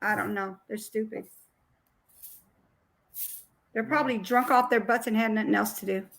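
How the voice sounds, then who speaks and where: A woman's voice: mid-range voice, fairly even intonation, normal speed, gravelly, fairly bright tone. A woman giving casual reaction commentary on a played call recording, blunt and incredulous.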